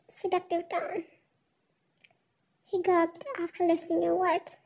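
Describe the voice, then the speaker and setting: A woman's voice: very high-pitched, completely flat delivery, a little slow, vocal fry, low-quality recording. A woman reading a fan fiction story aloud, speaking the speaker tags and stage cues along with the text.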